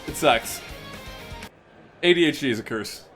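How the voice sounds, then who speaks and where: Guy streaming a game and ranting, swears a lot, bright high voice, faint game music behind. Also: measured pace. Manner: profane, animated venting with loud mock outbursts. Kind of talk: casual gaming stream commentary.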